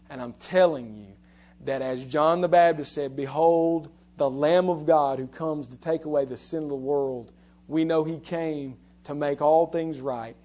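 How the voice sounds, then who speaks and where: A man's voice: medium pitch, mellow, a little hiss or hum. A man preaching a sermon as pastor, retelling a story earnestly and rising to emphatic appeals.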